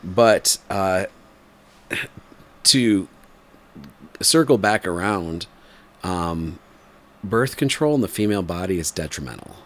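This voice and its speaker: A man in his forties telling a story in casual chat, rambling with fillers and laughing, and putting on animated voices when he quotes people. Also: low-pitched, slow pace, long pauses. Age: 40s.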